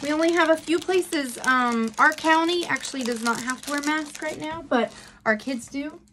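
A woman in her thirties unboxing a gift on a phone camera, gushing with thanks between slow, halting fillers. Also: high-pitched, a bit bright, slight background noise. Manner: gushing and grateful, many fillers. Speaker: beauty seller unboxing a gift. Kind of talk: casual unboxing vlog.

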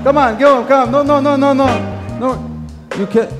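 A man's voice: extremely high pitch, fairly even intonation, normal speed, music in the background, voice pushed up. A man doing a flirty aging crooner. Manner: laid-back, flirtatious. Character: aging male crooner greeting and flirting with fans.

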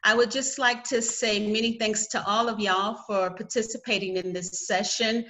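Southern us lady running a zoom panel, bright voice, friendly housekeeping tone. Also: on the high side, fairly even intonation, moderate pace, poor audio. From United States. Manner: friendly, orderly, gives housekeeping reminders. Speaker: session moderator. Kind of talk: moderating an online conference panel. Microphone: video call.

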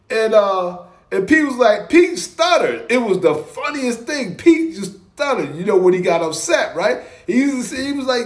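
A man's voice: extremely high pitch, normal speed. A man hosting a reaction video, telling stories with frequent chuckles. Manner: chuckling storyteller, animated. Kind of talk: casual reaction commentary. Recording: roomy echo.

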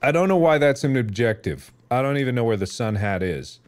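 A man's voice: mid-range voice, a little fast, smooth. A man giving casual, goofy commentary while playing a video game, talking to the characters on screen. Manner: goofy and excitable, talks to game characters, bursts into shouts and laughter.

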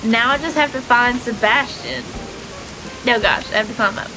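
A young adult woman streaming a game live, chatting excitably with viewers, giggling and squealing, her voice a little stuffy from allergies. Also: on the high side, moderate pace, low-quality recording. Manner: excitable, giggly, squeals when finding players.

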